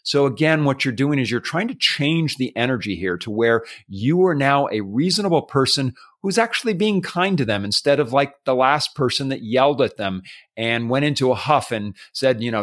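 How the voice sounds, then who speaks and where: A man's voice: medium pitch, expressive, moderate pace, fairly bright tone. A man hosting a solo advice podcast, walking listeners through steps in a coaching tone with spoken examples. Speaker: podcast host.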